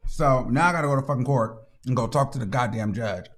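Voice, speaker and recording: A man hosting a casual gossip commentary show, telling stories in an animated, profane, dramatic way. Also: medium pitch, fast talker. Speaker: host.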